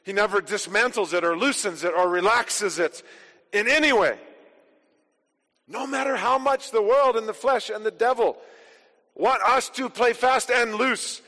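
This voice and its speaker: A high-voiced male pastor delivers an emphatic sermon, driving his points home with forceful declarations. His voice carries a long reverb, as if filling a church sanctuary. He keeps teaching steadily between the emphatic peaks. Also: a little slow.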